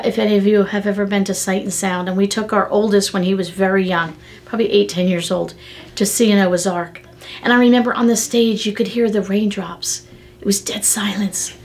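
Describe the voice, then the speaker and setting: An earnest middle-aged woman delivers a devotional talk in a conversational teaching style. She speaks at a middle pitch and tells her stories with heartfelt, animated emphasis. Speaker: devotional podcast host.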